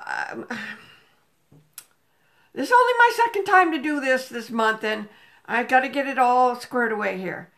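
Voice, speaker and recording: Chatting into a phone propped on a table at home, an older woman runs a relaxed livestream and welcomes viewers by name. She sounds high, animated, and a bit bright, speaking unhurriedly with long pauses.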